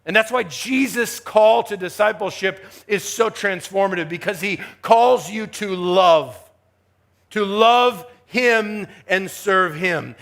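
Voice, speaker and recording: A man preaching a chapel sermon with emphatic delivery, swinging from hushed asides to rising exhortation. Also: sits high, vocal fry. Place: university chapel.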